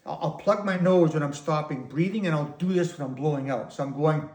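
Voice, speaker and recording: A man's voice: on the high side, a little fast, darkish tone. Man teaching didgeridoo breathing, echoey room. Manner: patient, step-by-step explaining. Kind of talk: instructional demonstration.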